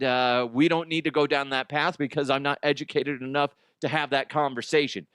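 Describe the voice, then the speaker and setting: A man's voice: mid-range voice, fairly bright tone, clean tone, dry recording, studio quality. A man hosting a comedic news podcast, rambling casually, swearing and mocking himself. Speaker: podcast host.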